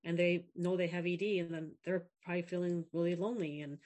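A young woman with a lowish voice talks fast and frankly as a guest in a casual interview, where she's an app founder. She tells stories animatedly, acting out what others said in different voices.

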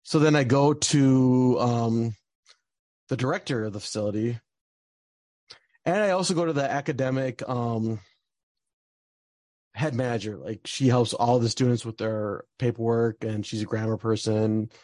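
A man's voice: mid-range voice, measured pace, pauses often, darkish tone, no echo. A young man telling a personal story in casual talk, rambling with lots of fillers and restarts.

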